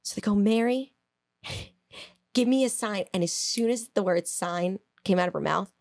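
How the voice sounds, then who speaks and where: A woman co-hosting a podcast, telling a story in a casual, animated way, laughing, swearing and acting out quotes. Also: medium pitch, measured pace, creaky, no room sound, clean studio sound. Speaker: podcast co-host.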